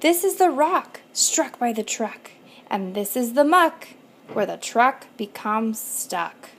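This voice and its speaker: A woman volunteer reading a rhyming picture book aloud, slow, rhythmic and expressive. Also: fairly high pitch, slight background noise. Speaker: volunteer reader.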